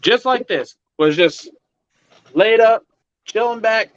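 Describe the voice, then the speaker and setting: A man's voice: high-pitched, expressive, takes it slowly, long pauses, dry recording, dull audio. A man telling a long profane story at an open mic, rambling with many fillers and acting out the other people's lines.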